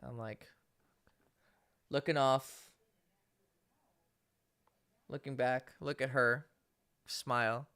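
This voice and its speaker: A man's voice: mid-range voice, fairly even intonation, extremely slow, pauses often, fairly bright tone, clear, resonant tone, dry recording, clean studio sound. A man hosting a casual livestream Q&A from home as a dating coach, talking loosely and profanely and explaining with examples and stories.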